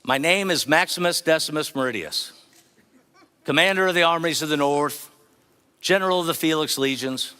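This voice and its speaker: A man's voice: on the high side, moderate pace, bright, forceful tone, smooth, long reverb tail, voice pushed up. A man voicing a commanding Roman general from a film, in a put-on accent and a declaiming manner. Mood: proud.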